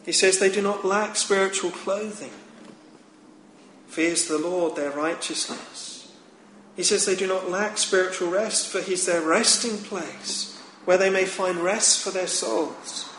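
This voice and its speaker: A male preacher delivers a sermon in a high voice at an unhurried pace. His words are measured and solemn, building to emphatic rises. The recording is echoey with faint background noise. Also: fairly bright tone.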